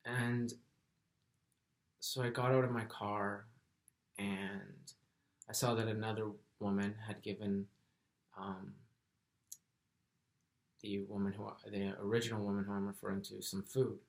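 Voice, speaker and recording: A man telling a personal story in a soft-spoken, earnest, reflective way. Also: lowish voice, flat delivery, unhurried, gravelly, pauses often. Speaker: vlogger.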